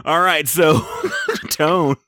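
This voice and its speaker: A man co-hosting a casual podcast chat, giving quick, wry commentary. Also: on the high side, steady tone, sharp tone, a little hiss or hum. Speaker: podcast co-host.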